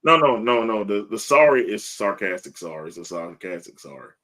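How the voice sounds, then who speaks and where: A man with a fairly low voice chats on a live sports podcast. He is blunt and profane, and he keeps breaking into laughter mid-thought. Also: sing-song, brisk, bright, forceful tone. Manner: blunt and profane, laughs often between lines. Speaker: podcast co-host. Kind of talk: casual sports podcast chat. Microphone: live stream podcast mic.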